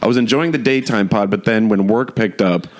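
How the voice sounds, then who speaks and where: A man's voice: fairly low pitch, a little fast. A man co-hosting a podcast, talking loosely and laughing, swearing freely. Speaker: podcast co-host. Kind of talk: casual chat.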